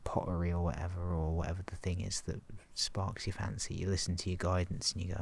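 A man talking in a relaxed, rambling way about self-awareness, laughing softly and acting out his inner thoughts. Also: low voice, quick pace, gravelly, hardly any pauses, slight background noise. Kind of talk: relaxed casual monologue.

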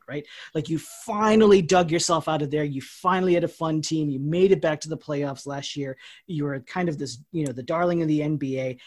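Husky-voiced man ranting about sports. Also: a little high. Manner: rambling, opinionated, trails off quieter. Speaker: podcast co-host. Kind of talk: casual sports chat.

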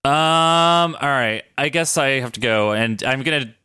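A man's voice: medium pitch, unhurried, smooth, dry recording, clean studio sound. A man hosting a casual podcast, explaining game rules with frequent laughter. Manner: laughs often, loose and animated. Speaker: podcast host running the draft.

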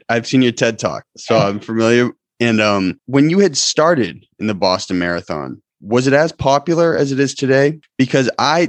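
A man hosting a podcast interview, asking questions in a relaxed, conversational way. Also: fairly low pitch, dry recording. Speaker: podcast host. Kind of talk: casual interview. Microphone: video call.

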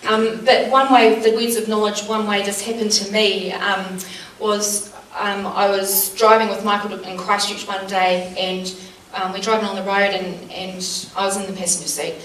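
A woman teaching a small church group, telling personal stories in an earnest, animated way with lots of fillers. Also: medium pitch, normal speed. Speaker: church speaker. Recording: roomy sound from a distant mic, faint background noise.

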